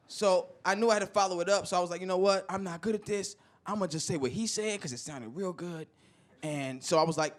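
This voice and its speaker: A male stand-up comedian telling an animated story and acting out the people in it, recorded live with audience laughter. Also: high voice, moderate pace, a little hiss or hum. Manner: animated, acts out voices of people in his stories.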